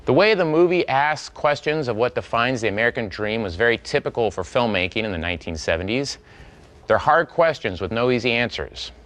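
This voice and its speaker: A man hosting a classic film channel, giving a measured, formal scripted introduction. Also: mid-range voice, animated, fairly bright tone.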